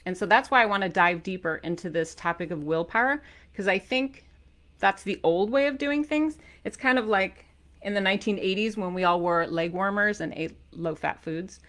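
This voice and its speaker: Bright, animated woman coach. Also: lowish voice. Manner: animated and playful, bursts into loud shouting for emphasis. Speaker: author and keto diet coach. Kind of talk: energetic talk to camera.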